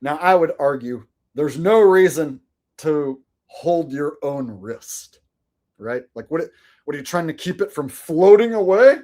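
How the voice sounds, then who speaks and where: Fairly high in pitch, darkish, and measured, this man's voice has lively intonation. During his live stream he talks to chat with sarcasm, rambling between topics in casual commentary.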